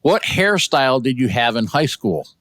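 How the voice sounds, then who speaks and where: A man running a casual interview, asking quick upbeat questions. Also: mid-range voice, big pitch swings, fairly bright tone, dry recording.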